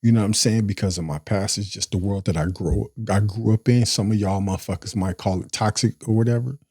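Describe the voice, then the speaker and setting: A man's voice: fairly low pitch, fairly even intonation, a little fast, dark tone, husky, no echo, studio quality. A man telling his life story in a casual monologue, cursing freely and often asking "you feel me?". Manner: profane, streetwise, keeps asking "you feel me?"; breaks into laughter.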